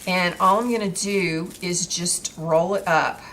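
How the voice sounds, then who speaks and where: Lady with a lowish voice chatting through a craft tutorial, lots of ums, bit of hiss in the background. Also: fairly even intonation, measured pace, fairly bright tone. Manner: chatty, with many fillers and restarts while working.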